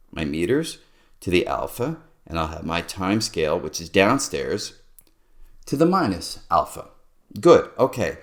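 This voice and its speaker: A middle-aged man with a low voice explains a physics derivation as he writes it out. His pitch swings widely as he muses aloud over each step, like a teacher at a board. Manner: musing, talks to himself while writing. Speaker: physics lecturer.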